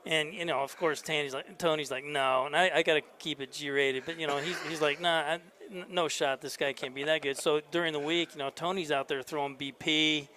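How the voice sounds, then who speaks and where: A man's voice: a little high, fairly quick, few pauses. A man, a head baseball coach, telling stories in a casual interview at a convention, acting out the dialogue. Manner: animated storyteller acting out dialogue. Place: convention floor.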